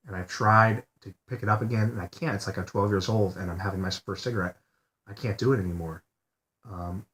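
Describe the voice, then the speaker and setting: A depressed man in a personal video diary, talking quietly and haltingly from his bed, repeating himself and swearing often. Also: fairly low pitch. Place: lying in bed.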